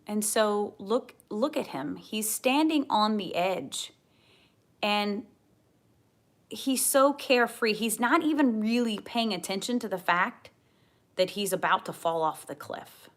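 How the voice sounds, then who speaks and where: A woman giving a tarot card reading to camera, gentle and earnest, often repeating her key phrases. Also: mid-range voice, expressive, takes it slowly. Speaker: tarot reader.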